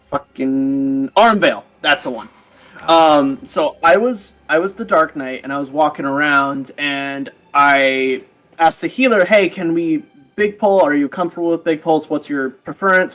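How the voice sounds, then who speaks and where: A man with a fairly high voice chats casually late at night. He tells a gaming story with lively energy and acts out the quoted lines. Faint music runs underneath. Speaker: gamer friend.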